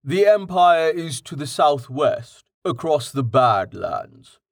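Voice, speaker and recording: Dude doing a calm know-it-all guide type, patient, slow, dry sound. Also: male voice, a little high, no room sound, heavily acted. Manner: patient, explanatory, matter-of-fact. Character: patient man, well-read, calmly explaining.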